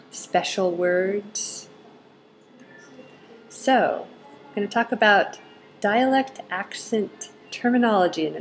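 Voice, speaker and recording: A woman English teacher summing up a group lesson, speaking slowly and clearly and spelling out words for learners. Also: medium pitch, rough recording. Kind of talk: recorded lesson summary.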